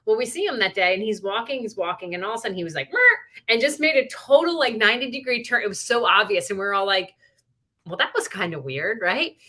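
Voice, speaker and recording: A woman's voice: mid-range voice, expressive, fast talker, few pauses, pushed and bright. A middle-aged woman co-hosting a podcast, telling stories in a casual, rambling way with many likes and you knows. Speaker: podcast co-host. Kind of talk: casual chat.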